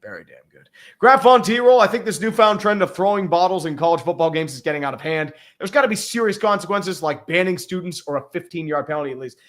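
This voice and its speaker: Guy hosting a sports show, kinda high voice, cusses constantly and rambles. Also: lively intonation, quick pace, fairly bright tone. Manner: profane, rambling, blunt. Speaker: podcast host. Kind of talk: casual sports livestream chat.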